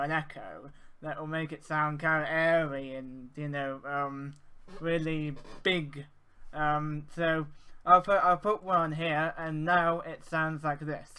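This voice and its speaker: Bright, clear-voiced man tutor. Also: on the high side, a little slow. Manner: informal, hesitant, many fillers. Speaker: arts facilitator teaching audio effects. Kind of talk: screen-share software tutorial.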